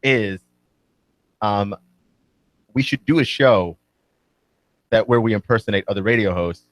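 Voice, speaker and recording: A man in his twenties co-hosting a radio show, chatting casually in an animated, rambling way. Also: fairly low pitch, a little slow, no room sound. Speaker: radio co-host. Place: radio studio.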